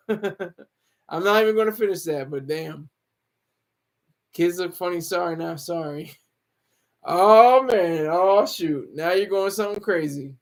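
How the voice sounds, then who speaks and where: A man with a high voice hosts a loose, joking livestream from home. He laughs often and answers viewer comments as they come in. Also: measured pace. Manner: joking, laughs often, reads chat aloud. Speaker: livestream host.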